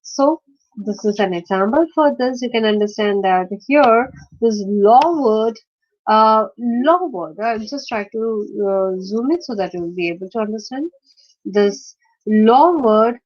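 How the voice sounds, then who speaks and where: A woman teaching in an online lecture, explaining step by step with many pauses, fillers and restarts. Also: a little high, lively intonation, a little mellow. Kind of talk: screen-shared online lecture. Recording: dull lo-fi recording.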